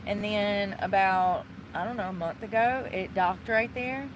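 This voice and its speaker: A woman chatting casually outdoors on a beach, in a loose, drawling, colloquial way and quick to laugh. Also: medium pitch. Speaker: vlogger filmed on the beach. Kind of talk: casual chat. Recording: loud wind and surf noise outdoors.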